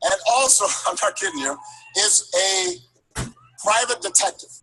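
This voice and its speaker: A man giving a storytelling speech, building rhythm with repeated phrases and halting restarts. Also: very high-pitched, sing-song, heavy background noise. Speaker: political speaker.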